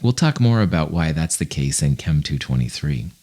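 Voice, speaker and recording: A man teaching a recorded chemistry lecture in a relaxed, conversational way, with fillers and small asides. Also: rumbling low, moderate pace. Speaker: chemistry instructor.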